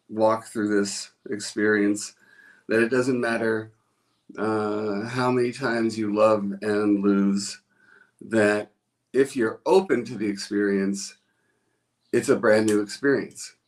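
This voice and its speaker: A man's voice: lowish voice, slow pace, long pauses. A man hosting a live stream from a room at home, chatting in a rambling way and greeting viewers by name. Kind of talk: casual live-stream chat.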